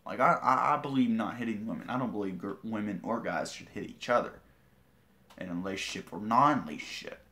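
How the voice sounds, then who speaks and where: A man's voice: on the low side, a little fast, pushed and bright. A man telling a story on a livestream, swearing a lot and talking in a defiant, boastful way. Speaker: vlogger. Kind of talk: livestream rant.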